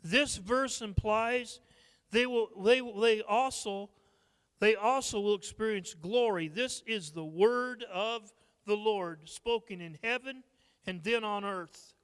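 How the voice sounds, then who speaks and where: A high-pitched Midwestern American man preaching at a Bible study, his voice smooth and resonant. He unhurriedly reads scripture and breaks in with joking asides. The sound carries the long reverb of a church sanctuary. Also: slow pace, fairly bright tone. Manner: humorous asides and laughs. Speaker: pastor. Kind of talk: sermon-style Bible study teaching.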